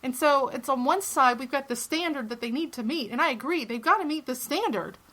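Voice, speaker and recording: A woman co-hosting a podcast, speaking in a fairly high, very bright voice. She rants in a heated way, swears freely and states her opinions strongly. Her pitch swings upward whenever she stresses a point. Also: animated, brisk. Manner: heated, profane, opinionated ranting. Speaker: podcast co-host. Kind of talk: casual podcast discussion.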